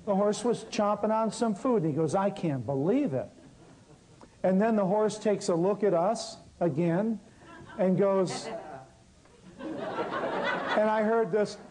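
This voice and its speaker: A man telling a lively story about his work as an herbal healer, acting out the people he quotes. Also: high voice, slow pace, long pauses, low-quality recording. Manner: animated storyteller, acts out quotes. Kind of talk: storytelling talk.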